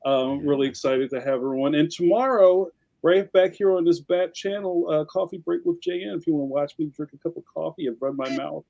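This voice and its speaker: An upbeat male host closes out a livestream in a loose, rambling way. His voice is a touch high. He talks over a webcam on a video call. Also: a little fast, vocal fry, warm tone, highs cut off. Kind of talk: casual livestream chat.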